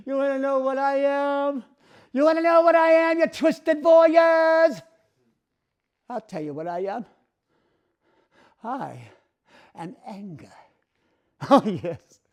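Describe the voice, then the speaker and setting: A man's voice: extremely high pitch, heavily acted. A man voicing a bitter, raging male ventriloquist dummy that sneers, mocks and bursts into fury. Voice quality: sneering, mocking, explosive outbursts. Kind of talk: solo ventriloquist-style performance.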